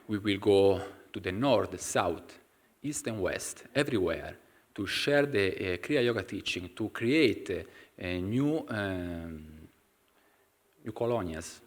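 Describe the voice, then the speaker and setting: Man with an Italian accent, halting English. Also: deep voice, expressive. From Italy. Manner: halting, searching for English words with many fillers. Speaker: community member sharing a story. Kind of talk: informal talk to a class. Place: temple hall.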